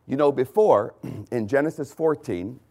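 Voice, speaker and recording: A man preaching a sermon, swinging from loud emphatic lines to hushed ones and pausing to correct his own slips. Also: mid-range voice, expressive. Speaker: pastor.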